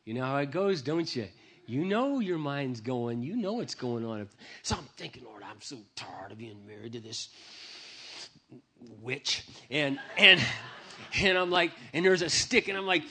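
A man's voice: a little high, animated, normal speed, bright, forceful tone, breathy edge. A man giving a humorous, self-deprecating personal testimony to an audience, speaking into a microphone. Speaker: Christian speaker.

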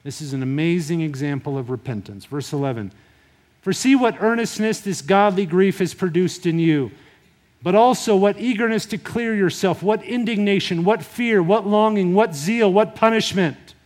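A man preaching a sermon in a conversational, animated retelling style. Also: sits high, normal speed. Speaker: pastor.

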